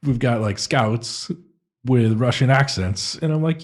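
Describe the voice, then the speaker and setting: A man's voice: mid-range voice, unhurried. A man co-hosting a casual tabletop-gaming chat, talking in a hesitant, self-deprecating way with many restarts. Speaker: podcast co-host and game master.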